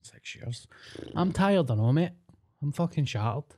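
A man's voice: fairly high pitch, animated, normal speed, mellow, a little hiss or hum. A Scottish man co-hosting a podcast, telling stories against himself in casual banter. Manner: self-mocking storyteller. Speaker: podcast co-host. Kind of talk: casual chat.

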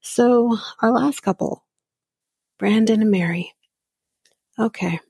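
Woman, podcast host, chatty opinionated recap, gravelly edge, dry close sound. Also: on the high side, slow pace, dark tone, no room sound. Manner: chatty, opinionated, frequent ums and asides. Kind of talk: casual recap commentary.

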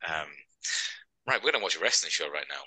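A man's voice: deep voice, animated, fast talker, bright, forceful tone, dry recording, poor audio. A man co-hosting a wrestling podcast, chatty and joking as he rambles through match recaps. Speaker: podcast co-host. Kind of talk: casual chat.

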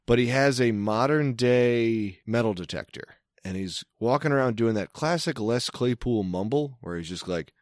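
A man's voice: mid-range voice, lively intonation, moderate pace, few pauses, no room sound, studio quality. A man co-hosting a podcast, talking casually in a rambling, wry way, full of fillers and restarts. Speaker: podcast co-host. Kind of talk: casual chat.

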